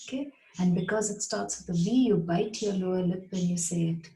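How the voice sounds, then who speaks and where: A woman teaching English pronunciation in a patient way, saying each word slowly and repeating it. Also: fairly low pitch, fairly even intonation, creaky, dark tone, echoey room, low-quality recording. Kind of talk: slow, deliberate pronunciation lesson.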